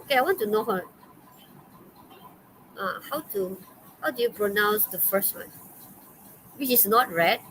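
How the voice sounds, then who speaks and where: This online English teacher, who has a Malaysian English accent, talks a little slowly with long pauses in a mid-range, fairly bright voice. She's chatty, full of okays and fillers, and laughs often, while a faint noise hums under the rough recording.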